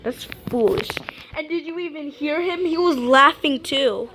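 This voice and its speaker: A woman's voice: high-pitched, unhurried, sharp tone, slight background noise. A young woman commenting on a video game she plays, playful and pleading in mock fright. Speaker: gamer.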